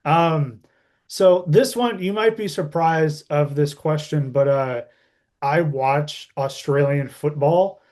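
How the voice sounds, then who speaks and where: A man hosting a podcast, asking questions in a halting way with restarts. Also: on the high side, darkish tone. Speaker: podcast host. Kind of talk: interview questions.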